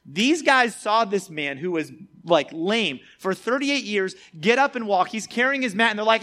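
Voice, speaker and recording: A chatty male preacher teaching a Bible passage to a group, in a slightly high voice. He talks casually and keeps checking in with "all right?". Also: animated, moderate pace, hardly any pauses, bright, forceful tone. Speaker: youth preacher.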